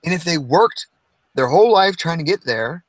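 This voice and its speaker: A man's voice: a little high, expressive, moderate pace, no room sound, rough recording. A man in casual group talk, handing out blunt, profane advice and pushing his point hard.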